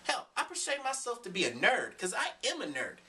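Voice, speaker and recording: A man's voice: very high-pitched, huge pitch swings, brisk, sharp tone, distant mic, a little hiss or hum. A young man ranting emphatically to his camera in a preachy, profane vlog monologue. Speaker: vlogger. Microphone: camera mic.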